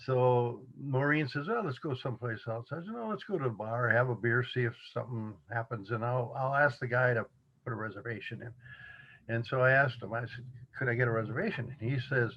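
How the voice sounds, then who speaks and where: An older man in his seventies spins a yarn with easy, chuckling energy, mimicking the people in his story. His voice sits at an average pitch. The recording sounds a little dull and muffled. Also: a little fast. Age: 70s. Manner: chuckling, animated quoting of others. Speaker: interview guest. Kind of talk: casual storytelling.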